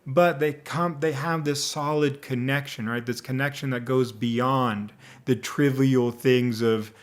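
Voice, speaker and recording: A man's voice: medium pitch, unhurried. Rambling man giving a casual movie review. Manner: rambling, many fillers and restarts, animated. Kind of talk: casual one-take commentary.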